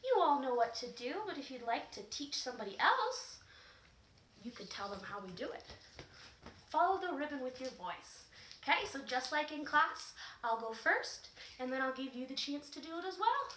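Encouraging children's teacher, woman, high and very animated, sing-song delivery. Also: moderate pace, reverberant, slight background noise. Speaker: music and movement teacher. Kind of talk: children's class lesson.

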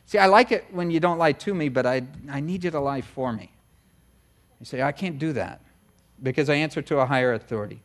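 A man's voice: fairly high pitch, lively intonation, a little fast, fairly bright tone. A middle-aged American man preaching a conversational sermon as pastor, often acting out short voices of other people. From United States.

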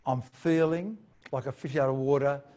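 A man's voice: mid-range voice, steady tone, normal speed, mellow, natural voice. A man voicing an embarrassed teenage daughter who complains in a whiny, exasperated way.

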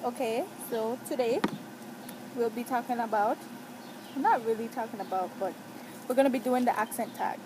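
A woman from St. Croix with a Cruzan accent, doing a casual accent-tag vlog, deliberately sounding out single words one by one. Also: fairly high pitch, noisy background. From St. Croix, US Virgin Islands. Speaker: vlogger.

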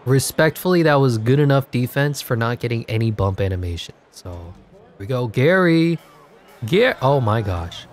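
A man giving jokey, excitable play-by-play over a video game, his voice congested and wearing out, breaking into sudden yells. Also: mid-range voice. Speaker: gaming commentator. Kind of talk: live game commentary.

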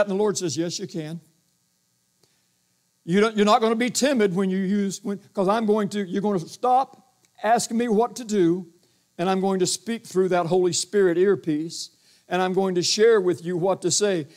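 An older man preaching a sermon in a church, with a booming voice and a rambling delivery full of restarts and acted-out quotes. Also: moderate pace, a little mellow. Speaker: pastor. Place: church sanctuary.

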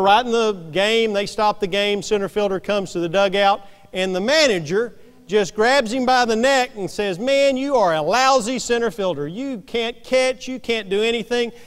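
High-voiced pastor preaching in a reverberant church. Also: male voice, clear, resonant tone. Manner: folksy, emphatic storytelling. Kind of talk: storytelling sermon. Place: church sanctuary. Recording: long reverb of a church hall.

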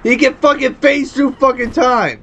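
High-voiced man raging at a game. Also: moderate pace, slight background noise. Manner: furious, swearing, yelling at the game. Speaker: gameplay streamer. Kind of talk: angry gameplay commentary.

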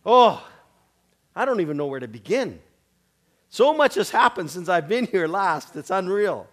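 A middle-aged man preaching in church, telling testimony stories in an animated way and laughing often. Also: high-pitched, normal speed. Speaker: visiting preacher. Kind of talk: sermon sharing testimonies.

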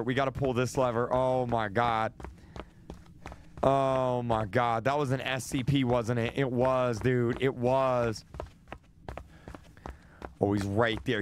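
A man's voice: medium pitch, fairly even intonation, unhurried, long pauses, slight background noise. A young man streaming a horror game, jittery and repeating himself, losing his voice. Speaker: gaming streamer. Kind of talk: live horror game commentary.

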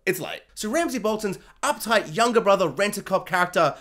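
A man's voice: high-pitched, animated, a little fast, fairly bright tone. A man giving a casual, rambling TV review, joking and correcting himself as he goes. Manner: rambling, jokey, self-correcting, puts on silly voices for characters. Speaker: show reviewer.

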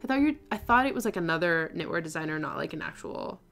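A woman's voice: on the low side, animated, fast, vocal fry, fairly bright tone. A young woman hosting a knitting livestream, chatting casually and effusively as she reads out viewers' posts, with lots of fillers.

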